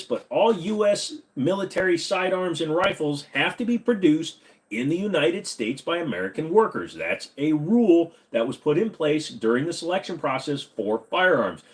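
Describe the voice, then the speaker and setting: A man hosting a casual live stream from his home computer room at a desk mic, answering viewer questions with jokes. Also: on the high side. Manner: slips into a bad Southern accent. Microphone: desk microphone.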